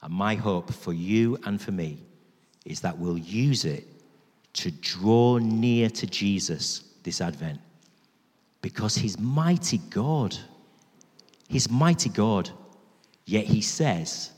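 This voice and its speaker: A man preaches in a church at an unhurried, deliberate pace, leaning on repeated phrases for emphasis. His voice sits a little low and rings out with the long echo of a large hall. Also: expressive, darkish tone, breathy edge. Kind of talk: sermon.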